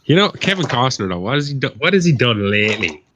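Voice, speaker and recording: A man's voice: medium pitch, very animated, fast talker. A man on a casual live panel chat, talking bluntly and swearing freely. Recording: dull lo-fi audio with faint noise.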